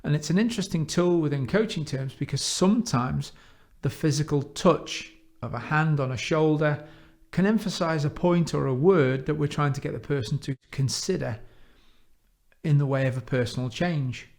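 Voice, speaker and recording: Measured man teaching coaching. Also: fairly high pitch, darkish tone. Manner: measured, with emphatic slowed phrases. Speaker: coaching trainer. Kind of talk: instructional talk.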